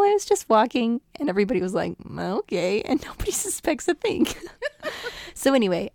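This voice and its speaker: A woman's voice: mid-range voice, a little mellow. A young woman gives a casual, chatty retelling of a story. She is playful, laughs often and slips into the characters' lines. The sound is dry and close, with no room echo. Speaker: guest summarizing a novel.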